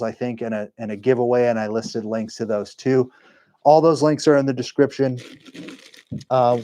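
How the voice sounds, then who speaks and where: Man, livestream host, warm mellow tone, rambling and chatty. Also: mid-range voice, no room sound. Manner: rambling, self-correcting, chatty. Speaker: livestream host and engraving business owner. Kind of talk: casual live-stream chat.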